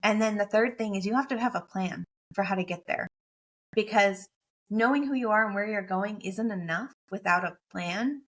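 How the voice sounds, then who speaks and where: A woman's voice: medium pitch, normal speed. Earnest woman telling a heartfelt story. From United States. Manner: earnest and emotional, repeating key phrases. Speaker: guest, motivational speaker and coach. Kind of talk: heartfelt personal storytelling in an interview.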